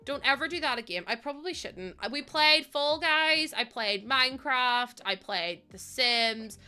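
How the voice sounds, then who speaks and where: A woman's voice: sits high, animated, a little slow, sharp tone, faint music behind. An Irish woman streaming a game and chatting casually, rambling, giggling often and swearing offhand. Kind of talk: casual live-stream chat while playing.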